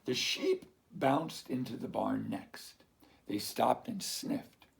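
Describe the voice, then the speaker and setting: A man reading a picture book aloud to children, slow and expressive, as a teacher. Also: medium pitch, gravelly.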